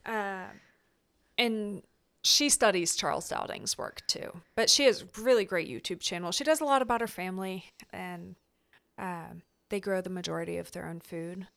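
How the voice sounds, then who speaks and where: A woman's voice: lowish voice, normal speed, gravelly, a bit bright. A woman speaking as a guest on a gardening podcast, talking in a chatty, enthusiastic way with fillers and restarts. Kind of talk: casual podcast chat.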